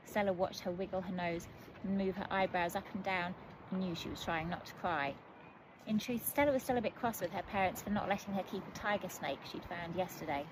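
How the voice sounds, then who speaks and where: A woman author reading her children's book aloud in a gentle, measured storytelling manner. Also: on the low side, noisy background.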